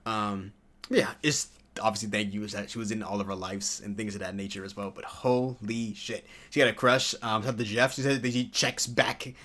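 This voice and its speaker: A man in his early twenties giving a casual, excitable video review, full of slang and sudden high-pitched exclamations. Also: moderate pace. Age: early 20s. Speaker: TV show reviewer.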